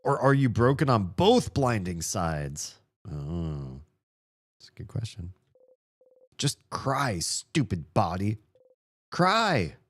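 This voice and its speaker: Man, let's play host, reads game text aloud, playful commentary, quick laughs, soft mumbled asides, slow unhurried pace, very lively pitch.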